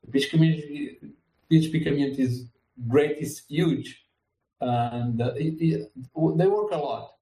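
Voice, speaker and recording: A man in his fifties hosting a casual podcast, speaking in an unhurried way with slightly formal phrasing. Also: fairly high pitch, dark tone, roomy sound, poor audio. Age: 50s. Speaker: podcast host.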